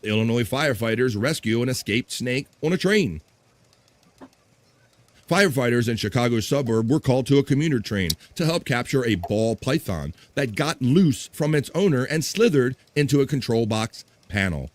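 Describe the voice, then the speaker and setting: A man's voice: mid-range voice, expressive, moderate pace. Chatty man hosting a live stream. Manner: chatty, laughs often, reads chat comments aloud. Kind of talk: casual live-stream chat.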